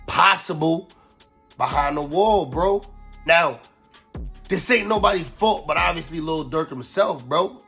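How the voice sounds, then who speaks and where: Sick, gravelly-voiced man talking street news. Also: on the high side, fairly bright tone. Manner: blunt street slang, frequent "bro". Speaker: rap news commentator. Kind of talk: casual commentary. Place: home setup in the Bronx.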